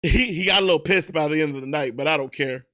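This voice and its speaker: Bright, high-voiced casual male streamer. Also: fast. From United States. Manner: loose and profane, laughs at himself. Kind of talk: casual livestream chat.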